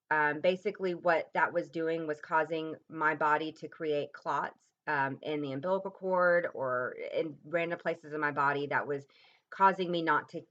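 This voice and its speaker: Low-voiced woman telling a painful story. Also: highs cut off. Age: 30s. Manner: halting, reflective, many ums and restarts; voice drops low and soft at painful moments. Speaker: vlogger. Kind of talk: personal storytelling to camera.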